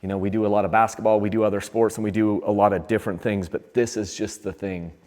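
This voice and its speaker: A man's voice: on the low side, flat delivery, fast talker, darkish tone, in a large hall. A man in his forties hosting a dirt bike vlog, talking in an earnest, rambling, heartfelt way while working in his home workshop. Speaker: dirt bike channel host. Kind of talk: casual vlog while doing an oil change.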